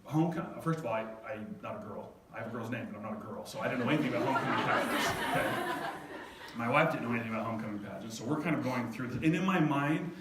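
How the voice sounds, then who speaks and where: A middle-aged man telling a personal story to an audience, animated and self-mocking, often laughing. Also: mid-range voice, rapid-fire, crowd noise. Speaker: speaker at a live event. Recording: echoey hall from far off, faint noise.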